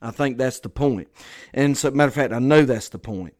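A pastor delivering a conversational sermon, earnest and repeating phrases for emphasis. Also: male voice, medium pitch, fairly quick, a little mellow.

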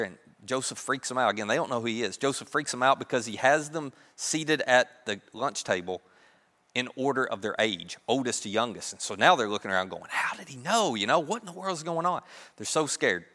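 A man preaching a sermon, telling a story in a lively way and acting out the characters' voices. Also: mid-range voice, brisk. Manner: animated, acts out characters' voices. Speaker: pastor. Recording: long reverb of a large hall.

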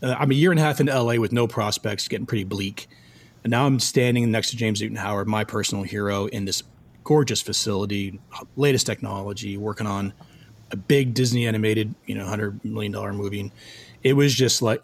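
A middle-aged Canadian film composer tells stories from his career in a casual interview, animatedly acting out what the people in them said. His voice is on the low side and slightly rough, and he talks a little fast.

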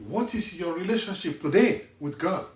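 A male evangelist from Nigeria preaching a sermon slowly and emphatically, asking the listener pointed questions. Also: high-pitched, animated, far from the mic. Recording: echoey room, voice set back from the mic.

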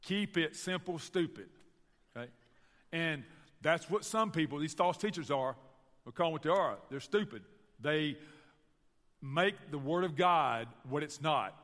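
Male pastor, Southern US accent, lively sermon delivery, raised pitch, ringing hall. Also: a little slow, long pauses. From Tennessee, US Southern. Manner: storytelling, animated, addresses the church directly. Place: church sanctuary.

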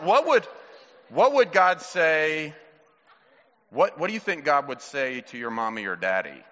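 In a church sanctuary, a pastor with a sharp, somewhat high voice poses playful questions to children during a children's sermon. The recording is muffled and heavy with lingering reverb.

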